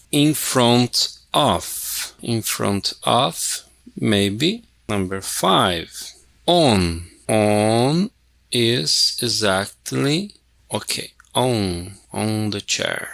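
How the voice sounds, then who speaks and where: Slow, gravelly man teaching. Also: on the low side, fairly bright tone. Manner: thinks aloud, repeats words. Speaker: English teacher. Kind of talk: casual classroom walkthrough.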